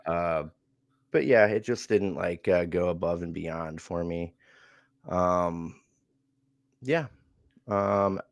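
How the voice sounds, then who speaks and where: Low, slow male podcast reviewer, laid-back, chuckly; dry close mic. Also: creaky, no room sound. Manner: relaxed, chuckles often, many fillers. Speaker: wrestling show reviewer. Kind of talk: casual podcast recap.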